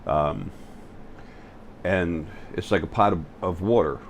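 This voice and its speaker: A man with a very low voice talks straight to the camera on his own spiritual channel. He keeps stopping on fillers and restarting his sentences, with a faint hum of noise under him. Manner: halting, full of fillers and restarts. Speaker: channel host. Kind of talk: spiritual vlog monologue. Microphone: facing the camera.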